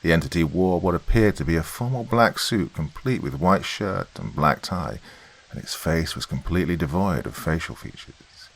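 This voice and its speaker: A man narrating a horror story in a measured, deliberate way. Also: low-pitched, animated, breathy edge.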